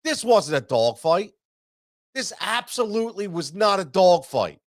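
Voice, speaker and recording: A man's voice: high-pitched, big pitch swings, unhurried, no room sound, studio quality. A man hosting a sports show, ranting after a loss, stammering and repeating himself, stuffy from allergies. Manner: heated, repetitive, stammering restarts. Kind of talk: frustrated postgame rant.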